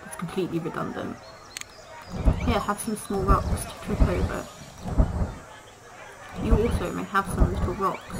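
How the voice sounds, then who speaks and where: This gaming video creator speaks at a medium pitch with vocal fry, laughing frequently as she casually narrates her play and talks to the animals in the game. It's a noisy home recording.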